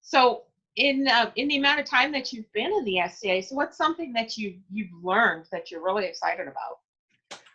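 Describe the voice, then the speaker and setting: Bright-voiced chatty woman host. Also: on the high side, lively intonation, normal speed, husky. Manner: chatty and encouraging, laughs easily. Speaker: podcast interviewer. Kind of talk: casual interview. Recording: dull lo-fi audio.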